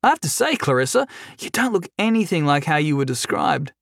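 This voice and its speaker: A man voicing a wisecracking young male captive who talks in a quick, sarcastic, lively way in a storybook reading. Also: a little high, vocal fry, no echo, studio quality, voice pushed up, exaggerated voice. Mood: mocking. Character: chained young man, wisecracking and nervously flippant.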